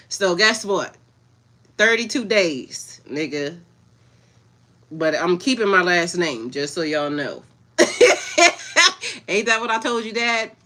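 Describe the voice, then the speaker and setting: Bright-voiced woman, blunt and laughing. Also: mid-range voice. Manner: blunt, laughs often, swears freely. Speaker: spiritual coach. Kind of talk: casual livestream chat with viewers.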